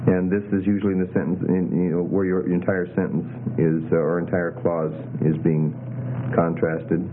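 A man teaching a classroom lesson on Greek grammar, relaxed and hesitant, with many fillers. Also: deep voice, moderate pace. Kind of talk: classroom lecture. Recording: tinny lo-fi with faint hiss.

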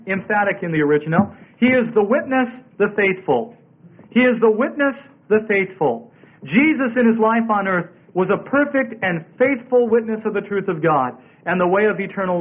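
A man with a high, light voice preaches a sermon, leaning on each phrase and repeating scripture references for emphasis. He comes through a tinny, narrow-band radio broadcast.

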